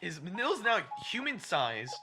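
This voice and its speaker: A man's voice: high voice, huge pitch swings, moderate pace. A male podcast co-host rants his way through a film recap, swearing freely. His voice climbs and drops all over the place. Music plays steadily underneath him. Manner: profane, ranting movie recap. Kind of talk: casual chat.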